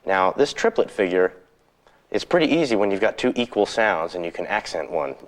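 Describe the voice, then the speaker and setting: A man teaching guitar rhythm on an instructional videotape, relaxed and counting beats aloud. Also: low-pitched, a little fast, a little hiss or hum.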